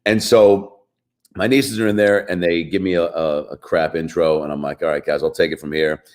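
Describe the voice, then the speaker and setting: Low-voiced comedian telling a rambling story. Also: male voice, normal speed. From Seattle. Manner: rambling, deadpan storytelling with acted-out quotes. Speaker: comedian guest. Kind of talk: casual radio chat, storytelling.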